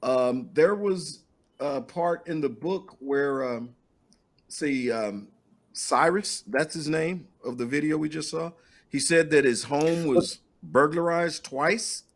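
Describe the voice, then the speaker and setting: A man's voice: a little high, takes it slowly. Man asking pointed interview questions. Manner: probing questioner with frequent restarts. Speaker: podcast host. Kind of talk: conversational interview.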